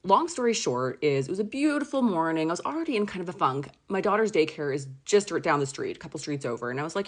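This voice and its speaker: A woman in her thirties telling a story to camera in a chatty, animated way, full of "like"s. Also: fairly low pitch, quick pace, few pauses. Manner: chatty, animated retelling with many "like"s. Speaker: vlogger. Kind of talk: casual storytime chat.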